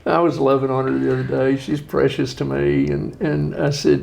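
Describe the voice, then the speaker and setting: A man's voice: medium pitch, normal speed, vocal fry, few pauses. A middle-aged man, a guest author telling folksy stories in a conversational interview, acting out the voices of people he quotes. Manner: folksy, animated storytelling with acted-out quotes.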